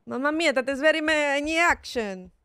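A woman's voice: high voice, expressive, slow pace, a bit bright, slight background noise, heavily acted. A woman doing an exaggerated mock Italian accent while gaming, drawing her words out in a sing-song way. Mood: hammy.

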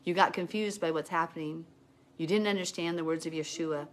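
A woman's voice: deep voice, steady tone, fairly quick. A woman reading scripture aloud and commenting on it in an earnest, heartfelt, conversational way. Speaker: Bible teacher.

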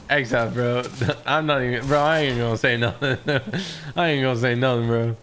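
A man's voice: medium pitch, fairly even intonation, unhurried, a bit bright, a little hiss or hum. A man hosting a casual gaming livestream, joking around, scatting nonsense syllables and yelping when surprised. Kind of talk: casual gaming stream chat.

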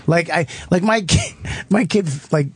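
A man in his thirties or forties, a comedian guest in casual radio banter, rambling with lots of swearing and quick laughs. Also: high-pitched, slight background noise.

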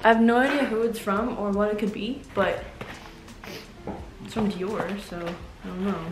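A young woman chatting casually to camera as a vlogger. She is excitable, says "like" a lot and swears casually. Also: mid-range voice, moderate pace, noisy background. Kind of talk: casual vlog chat to camera. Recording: roomy echo with faint music behind.

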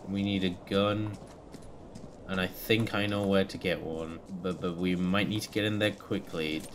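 A gameplay host giving casual commentary, excitable, laughing often, swearing and yelping when startled. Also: low voice, a little hiss or hum. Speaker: gaming video host. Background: background music.

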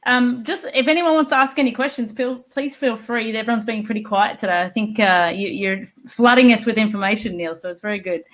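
A woman's voice: a little high, fairly quick, few pauses. A woman interviewing a guest over a video call, with short, encouraging responses. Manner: brief encouraging backchannels. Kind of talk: conversational interview.

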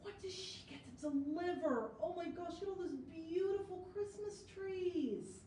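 A woman, a children's librarian, reading a picture book aloud to kids in a lively sing-song way with sound effects. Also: very high-pitched, moderate pace, far from the mic, a little hiss or hum. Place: library story room. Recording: echoey room, voice from off-mic.

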